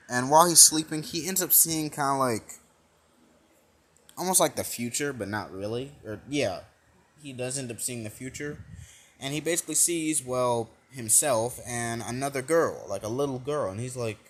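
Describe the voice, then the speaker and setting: A man's voice: mid-range voice, a bit bright. A young man improvising a fan-fiction retelling, rambling with lots of fillers and restarts. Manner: rambling, full of "like" and "you know", restarts. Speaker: fan storyteller.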